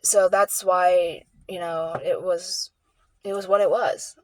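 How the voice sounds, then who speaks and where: A woman vlogging an emotional personal story in a rambling, halting way, full of restarts and repeats. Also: lowish voice, steady tone, no echo.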